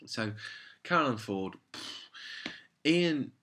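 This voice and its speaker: Exasperated husky-voiced man reviewing. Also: medium pitch, animated, very slow, a bit bright. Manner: exasperated, rambling, sarcastic. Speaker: show reviewer. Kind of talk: casual review monologue.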